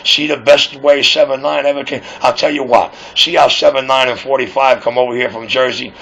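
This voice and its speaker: A man's voice: mid-range voice, steady tone, fairly quick, creaky, a bit bright. A man talking casually over a radio link, rambling, boastful and swearing freely. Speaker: radio operator on air. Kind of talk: casual on-air chat. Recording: dull lo-fi radio audio.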